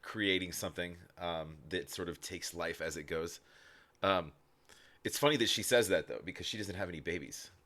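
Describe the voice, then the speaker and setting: A man hosting a reaction video, making relaxed, amused asides. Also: deep voice, moderate pace. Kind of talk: casual commentary over a video.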